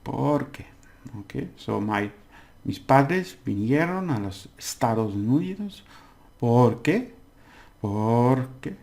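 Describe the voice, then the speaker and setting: Male tutor, casual and patient, slow delivery, gravelly tone, overpronounces example words. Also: mid-range voice, sing-song, a little mellow. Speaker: language teacher. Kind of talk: casual spoken language lesson.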